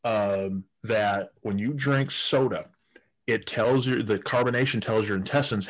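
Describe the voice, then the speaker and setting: Guy with a lowish voice rambling through a crude story on a podcast, keeps cracking up. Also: measured pace. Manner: laughs often while telling crude anecdotes, many restarts. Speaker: guest storyteller.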